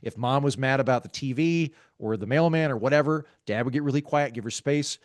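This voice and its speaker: A man, a guest author in a podcast interview, explaining ideas in a wry, self-aware, calm and measured way. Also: mid-range voice, no echo, studio quality. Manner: talks calmly, measured.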